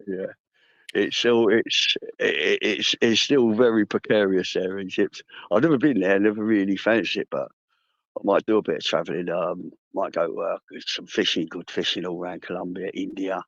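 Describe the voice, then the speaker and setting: A man's voice: low voice, steady tone, normal speed, creaky, a bit bright, no echo, dull audio. A man calling in to a livestream, chatting in an easygoing, hesitant way with lots of fillers. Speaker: guest caller on a livestream. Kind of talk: casual chat.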